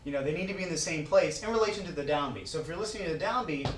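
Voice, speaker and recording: A man's voice: fairly high pitch, animated, very fast, very noisy. A man teaching a drumming exercise in a casual way, counting beats aloud, recorded in an indoor practice room from a camera mic across the room. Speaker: drum teacher. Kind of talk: casual instructional talk. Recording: roomy, distant mic with drumming.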